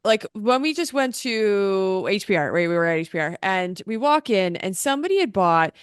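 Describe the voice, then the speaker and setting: A woman's voice: medium pitch, lively intonation, normal speed, clean tone, dry recording, studio quality. A woman co-hosting a racing podcast, ranting bluntly in a casual chat. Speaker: podcast co-host.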